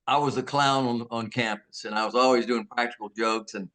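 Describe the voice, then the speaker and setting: A man in his sixties from Georgia, USA, with a Southern American accent, tells casual stories as an interview guest, folksy and laughing as he acts out quotes. His medium-pitched voice is a bit bright, with fairly even intonation and a brisk delivery.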